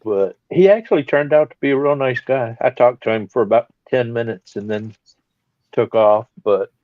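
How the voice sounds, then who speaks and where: A man's voice: mid-range voice, moderate pace, dry recording. Man, rambling chuckly storyteller, dry close sound, dull lo-fi stream audio. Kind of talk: casual storytelling chat.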